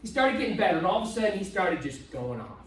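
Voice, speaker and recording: A man speaking at a live seminar, telling an animated story and acting out both sides of the dialogue. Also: high-pitched, fast talker. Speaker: motivational speaker. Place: event hall with live audience. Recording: echoey hall, voice from far off.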